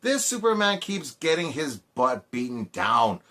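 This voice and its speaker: A man's voice: medium pitch, sing-song, a little slow, a bit bright. A man giving a casual movie review, rambling with many fillers and restarts and often sounding exasperated.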